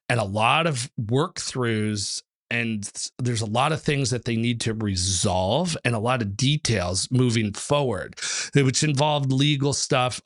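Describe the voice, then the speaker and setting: A man, a numerology author and teacher, talking as a guest in a casual interview and telling stories with lively acted-out quotes. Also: mid-range voice, no echo, clean studio sound. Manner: animated storyteller, acts out quotes, many fillers.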